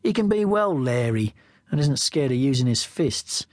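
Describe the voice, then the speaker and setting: Here a man narrates an audiobook in a wry, chatty first-person style, his average pitch swinging widely at a normal speed. The sound is close, dry and echo-free.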